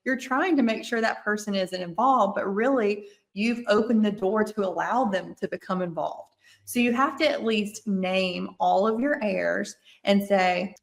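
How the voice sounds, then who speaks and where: A woman's voice: mid-range voice, a little slow, gravelly. Earnest woman with a Mississippi accent. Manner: earnest, explanatory, restates points. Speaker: estate planning attorney, guest. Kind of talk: podcast interview, explaining.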